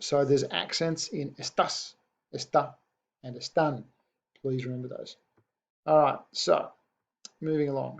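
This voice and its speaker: Gravelly-voiced man teaching a patient lesson. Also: mid-range voice, darkish tone. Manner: patient, checks in with rhetorical "yeah?". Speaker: Spanish teacher. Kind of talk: recorded lesson explanation.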